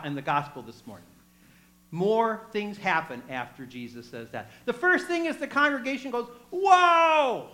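Animated preacher telling a story. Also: mid-range voice, low-quality recording. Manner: animated storytelling, chatty asides to the congregation; acts out quoted voices. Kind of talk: sermon.

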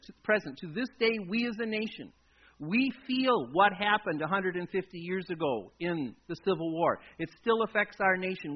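High-voiced pastor preaching dramatically. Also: male voice. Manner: dramatic storytelling, swinging from loud emphasis to near-hush. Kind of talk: sermon. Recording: dull lo-fi recording.

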